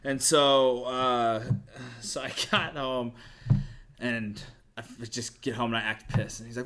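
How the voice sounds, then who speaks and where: A man's voice: mid-range voice, fairly even intonation, measured pace, pushed and bright. A young man co-hosting a podcast, telling a prank story in casual chat, swearing and laughing a lot. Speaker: podcast co-host.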